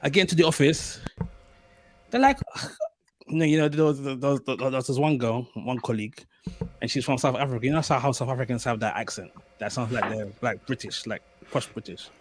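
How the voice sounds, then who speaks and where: A young man co-hosting a podcast, telling stories in casual chat with animated repeats and restarts. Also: mid-range voice, fairly quick, a little hiss or hum. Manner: animated storyteller, stammers and repeats words. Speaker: podcast co-host.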